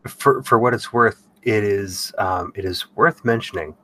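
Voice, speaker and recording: A young man co-hosting a podcast in casual chat, upbeat and quick to laugh. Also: lowish voice, fairly bright tone, far from the mic. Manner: upbeat, laughs often, chatty. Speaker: podcast co-host.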